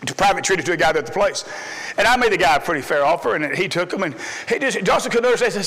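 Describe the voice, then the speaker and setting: Middle-aged preacher, high-pitched man, folksy storyteller with loud punches and quiet asides, reverberant hall. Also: quick pace. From Texas. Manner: folksy, storytelling, swings between loud emphasis and low asides. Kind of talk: sermon. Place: church sanctuary.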